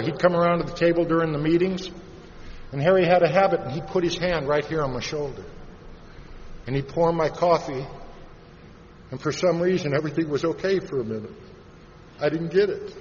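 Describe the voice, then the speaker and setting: A man from Iowa tells his recovery story in a plain-spoken way, his voice sitting a little high. He goes quiet and slow when the memories get heavy. The recording is dull and lo-fi, with a long hall echo and a faint hiss underneath. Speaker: recovery meeting speaker. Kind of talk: personal recovery story told to a live audience. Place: large convention hall.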